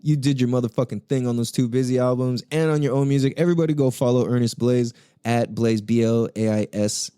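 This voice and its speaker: A man's voice: medium pitch, a little fast, few pauses, warm tone, clear, resonant tone, dry recording, clean studio sound. A young man hosting a podcast, telling music stories in a loose, profane, enthusiastic way with lots of slang and laughter. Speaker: podcast host. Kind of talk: casual solo podcast talk.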